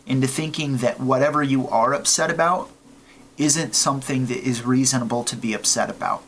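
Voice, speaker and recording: An earnest man reading a letter and then giving serious advice in a measured tone. His voice sits in an ordinary middle pitch. A faint hum of noise runs behind him. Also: fairly bright tone. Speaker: advice video host.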